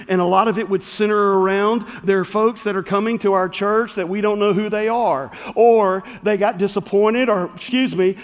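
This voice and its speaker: A man preaching a sermon as pastor, telling folksy stories that build to loud peaks. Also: high voice. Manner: folksy, animated storytelling with rising shouts. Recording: long hall reverb.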